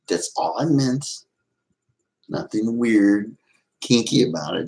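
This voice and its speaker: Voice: medium pitch, lively intonation, slow, vocal fry, long pauses, a little mellow, poor audio. A live-stream host in casual, playful chat with viewers, giggling often and teasing in a folksy way.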